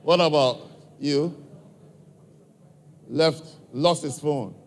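Speaking live to a church congregation, this African-accented man has a fairly high voice and draws out his words while he directly and gently questions members of the crowd. A long reverb from the big hall hangs over the audio.

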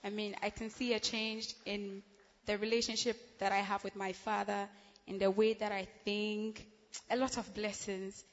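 A woman's voice: mid-range voice, moderate pace, highs cut off. Giggly young woman in an echoey hall. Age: young adult. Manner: giggly, excitable, laughs often between phrases. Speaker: church member giving testimony. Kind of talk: church testimony.

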